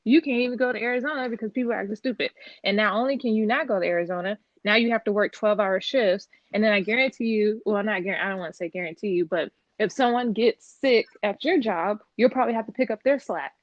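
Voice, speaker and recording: A woman's voice: mid-range voice, fast, no echo. A woman co-hosting a casual podcast chat, blunt and exasperated, swearing freely. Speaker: podcast co-host. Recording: slightly dull lo-fi sound.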